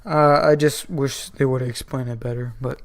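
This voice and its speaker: A man's voice: mid-range voice, fairly even intonation, normal speed. Rambling man recapping comics casually. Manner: rambling, filler-heavy. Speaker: comic book reviewer. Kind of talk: casual video commentary.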